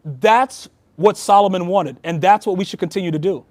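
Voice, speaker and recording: High-voiced earnest New man. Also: normal speed, no room sound. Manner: earnest, heartfelt storytelling. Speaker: Freemason, past master. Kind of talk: casual conversation.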